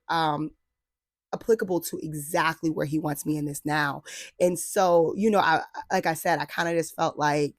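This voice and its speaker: A young woman in her twenties tells a personal story in a casual vlog. Her voice sits a little low, and the recording is dry and close. She talks with lots of "like"s and laughs, playfully acting out her own past thoughts. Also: dry recording. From New Jersey. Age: 20s. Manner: laughs often, frequent fillers like "like". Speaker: vlogger. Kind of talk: casual faith-based storytelling chat.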